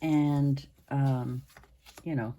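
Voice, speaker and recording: A woman in her sixties hosting her own channel, chatting to camera in a rambling way with pauses and restarts, her voice hoarse and interrupted by coughs. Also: a bass voice, steady tone, mellow, a little hiss or hum. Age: 60s. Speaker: channel host. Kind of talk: casual chat to camera.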